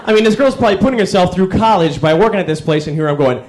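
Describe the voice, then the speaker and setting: Stand-up comic man, high and bouncy, exasperated storyteller. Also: animated, racing, a little mellow, a faint crowd, slight background noise. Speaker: stand-up comedian. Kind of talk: stand-up routine.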